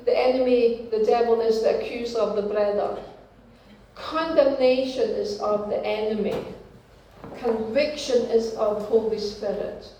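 A woman preaching a sermon, teaching slowly and deliberately and repeating her key phrases. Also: a little high, mellow, recorded from a distance, a little hiss or hum. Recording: very echoey room, from off-mic.

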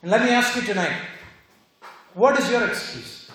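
Man, preacher, sermon, very high voice, emphatic rhetorical questions, booming echo. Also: moderate pace, fairly bright tone. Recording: very echoey hall.

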